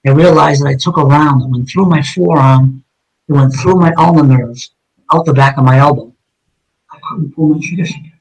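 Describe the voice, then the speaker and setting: Guy, middle-aged, telling his story hard and blunt, swears a lot, voice sits a bit high. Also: normal speed, breathy edge, low-quality recording. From Massachusetts, USA. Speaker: guest, retired police detective. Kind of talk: personal story told in an interview.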